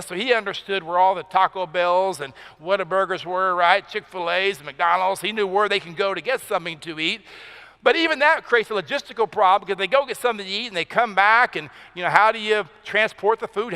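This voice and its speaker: High, bright-voiced pastor preaching. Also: male voice, clear, resonant tone, big-room sound. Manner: conversational, asks the crowd "right?" often. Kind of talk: sermon. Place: church sanctuary.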